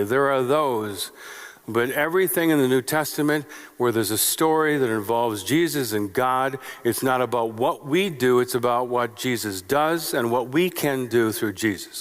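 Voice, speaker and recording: In a church sanctuary with long, echoing reverb, a male pastor delivers a sermon at a moderate pace in a mid-range voice. He relies on rhetorical questions and short phrases he repeats.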